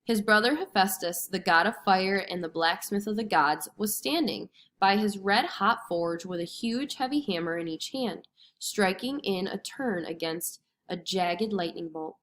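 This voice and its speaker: A woman reading a storybook lesson aloud to children with expressive, clear storytelling. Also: medium pitch, unhurried, a little hiss or hum. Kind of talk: storybook read-aloud narration.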